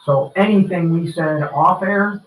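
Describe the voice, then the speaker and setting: A man's voice: sits high, unhurried. A man hosting a casual podcast chat, laid-back and swearing freely, often laughing. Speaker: podcast host. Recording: roomy echo.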